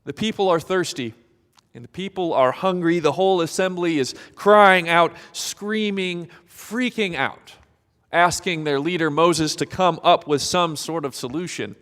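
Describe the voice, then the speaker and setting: A male pastor preaching a sermon, dramatic and expressive, sometimes acting out the voices of people in the story. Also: fairly high pitch, measured pace, big-room sound.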